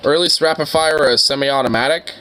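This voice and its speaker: A man's voice: a little high, fast talker, bright, forceful tone, slight background noise. A man chatting casually on a live stream, rowdy and profane, laughing often. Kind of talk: casual chat.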